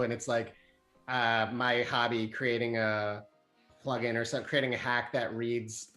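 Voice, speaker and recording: A man's voice: medium pitch, little pitch movement, a little slow, sharp tone, faint music behind. A man on a tech chat show, talking in a wry, self-deprecating way. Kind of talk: casual chat.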